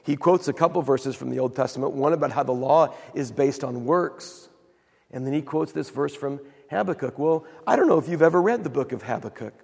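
A man preaching a sermon as pastor, telling a Bible story with animated retellings of the quoted voices. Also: medium pitch, fairly quick, creaky, husky, big-room sound.

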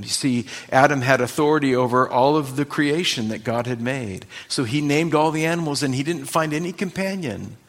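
A middle-aged man, a pastor, preaching a Bible study sermon with expressive, drawn-out emphasis on key words. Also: medium pitch.

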